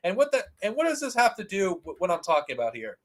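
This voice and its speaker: Man, high-pitched voice, heated profane rant, stumbling restarts, commentary host. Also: wildly swooping pitch, quick pace. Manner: heated, profane, repeats himself and restarts often. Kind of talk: ranting commentary.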